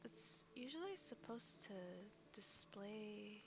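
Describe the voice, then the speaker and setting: A woman's voice: medium pitch, animated, slow pace, over music. Chatty woman streamer with hesitant talk. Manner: hesitant, chatty, many fillers. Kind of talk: casual game live stream.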